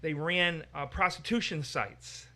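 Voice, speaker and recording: A man's voice: fairly high pitch, measured pace, bright, forceful tone. A man leading a teaching discussion on the Bible, arguing his points emphatically. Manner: emphatic, argumentative.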